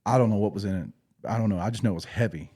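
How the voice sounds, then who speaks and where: Man, podcast host, ex-Marine storyteller, low voice, mellow, casual, rambling, profane. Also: rapid-fire, husky. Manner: laid-back, rambling, profane, with restarts.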